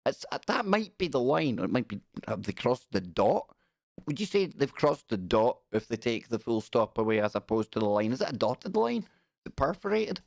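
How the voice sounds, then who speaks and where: A man's voice: medium pitch, sing-song, normal speed, creaky, darkish tone, no echo, clean studio sound. A middle-aged man hosting a live stream, giving sarcastic, exasperated commentary on the news.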